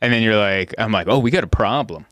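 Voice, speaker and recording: Animated man telling stories on a podcast. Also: quick pace, no echo. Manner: animated storyteller, jumps into high voices for quoted people. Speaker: podcast host. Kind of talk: casual chat.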